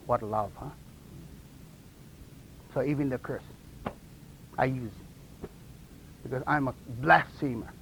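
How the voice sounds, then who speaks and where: A man with a high voice preaches his testimony, swinging widely up and down as he tells it. He speaks slowly, in broken non-native English, and laughs at his own stories. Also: a little hiss or hum, rough recording. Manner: animated storytelling, laughing at his own jokes. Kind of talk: testimony sermon.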